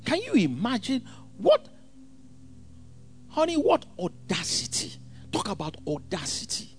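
A man preaching a sermon, swinging from hushed asides to shouted scripture quotes. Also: high voice, huge pitch swings, a little slow, slightly rough.

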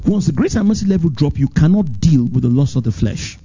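Preaching as a pastor, this man swings animatedly from high, forceful phrases down to low, stretched-out ones. The audio is husky and dull.

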